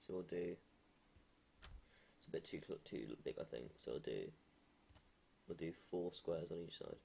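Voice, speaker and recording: A man streaming live while he builds a game, thinking aloud in a halting way with many restarts. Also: low-pitched, lively intonation, creaky, mellow, a little hiss or hum.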